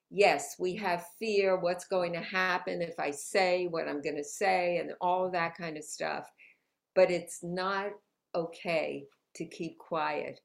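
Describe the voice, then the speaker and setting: With a fairly low, creaky voice, a woman author chats as a guest in a conversational interview in New York City. Her manner is upbeat and motivational, punctuated by frequent laughs.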